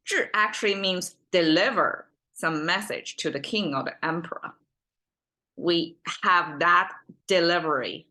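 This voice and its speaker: Woman explaining words, lowish voice but bright and forceful, lots of ums and rights. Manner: thinks aloud with many ums and rights. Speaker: Chinese language teacher. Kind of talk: casual explanatory lesson.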